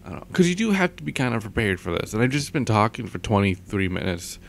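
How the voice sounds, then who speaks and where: A young man in a casual vlog monologue, rambling and halting with many restarts, his throat tired from long talking. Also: fairly low pitch, sing-song, gravelly, slight background noise. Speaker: vlogger. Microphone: microphone with pop filter.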